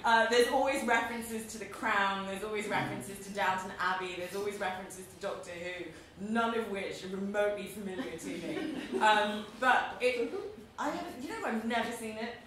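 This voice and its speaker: A woman from London with a London English accent, moderating a live panel discussion in an animated way and often laughing as she tells stories. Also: medium pitch, moderate pace, hardly any pauses, crowd noise. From London, England. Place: museum event space. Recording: echoey room, far from the mic.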